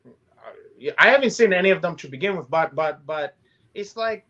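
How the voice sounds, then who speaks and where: A man's voice: sits high, animated, brisk, pushed and bright, highs cut off. A man co-hosting a casual podcast, joking around in a loose, profane way. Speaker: co-host.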